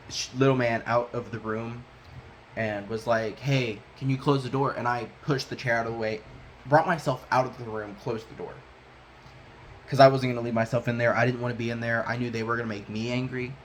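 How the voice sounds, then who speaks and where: A young man talks straight to the camera in a casual, meandering way, backing up and restarting sentences as he goes. He acts out snatches of what others said. His voice sits at an ordinary middle pitch, with a faint noise floor under the recording. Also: fairly bright tone, low-quality recording. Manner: rambling, restarts a lot, acts out quotes. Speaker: vlogger. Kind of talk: casual storytelling.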